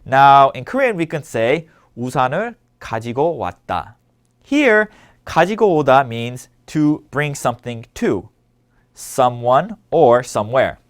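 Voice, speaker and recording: A man's voice: medium pitch, sing-song, a little fast. A man teaching a language lesson, explaining words patiently and asking listeners to repeat after him. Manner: clear, patient instructional delivery. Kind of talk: scripted language lesson narration.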